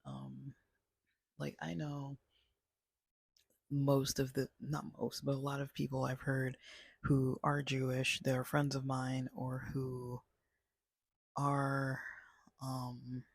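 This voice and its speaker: A man's voice: mid-range voice, monotone, slow pace, gravelly, pauses often, breathy edge, no room sound. A man casually reviewing a movie, rambling with many fillers and restarts. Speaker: channel host.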